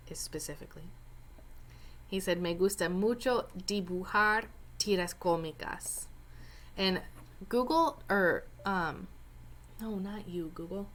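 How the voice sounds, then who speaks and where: A woman's voice: medium pitch, fairly bright tone. A woman teacher explaining a Spanish reading step by step, with chatty joking asides. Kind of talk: recorded lesson walkthrough.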